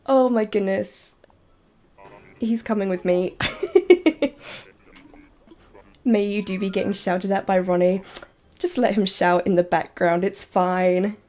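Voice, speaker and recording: A woman streaming a game live, chatting casually and giggling, with bursts of excited squeals. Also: mid-range voice, takes it slowly, long pauses. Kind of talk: casual live-stream chat while playing.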